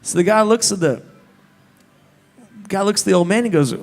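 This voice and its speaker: High-voiced singer rambling onstage. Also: male voice, moderate pace, vocal fry. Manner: rambling, self-deprecating joke telling. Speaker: singer-songwriter. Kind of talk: live stage banter between songs. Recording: live hall reverb with guitar.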